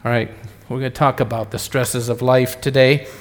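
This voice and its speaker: A man's voice: medium pitch, steady tone, moderate pace. A middle-aged man preaching, a pastor telling jokes in a rambling, chatty way that keeps interrupting itself. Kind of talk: sermon with jokes. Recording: echoey church hall.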